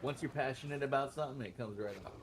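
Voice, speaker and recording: A man's voice: medium pitch, fast, husky. A man from Texas, chatting in an easygoing way on voice chat. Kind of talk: casual voice chat. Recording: loud background noise.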